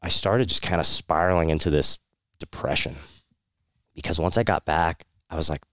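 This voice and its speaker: A man's voice: deep voice, moderate pace, a bit bright, no room sound, clean studio sound. A man, a military veteran, telling his personal story in a candid, rambling way, with many fillers, restarts and short laughs.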